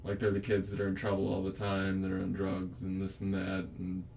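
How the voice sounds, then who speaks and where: A man's voice: low-pitched, completely flat delivery, a little fast, vocal fry, a little mellow, a little hiss or hum. A man in a casual chat, blunt and swearing freely.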